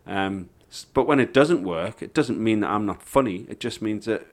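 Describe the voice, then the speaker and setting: A man with a fairly low voice talks comedy in a casual podcast chat. He's blunt and laid-back and swears freely. He sounds like an experienced middle-aged comic. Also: animated, normal speed. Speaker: stand-up comedian.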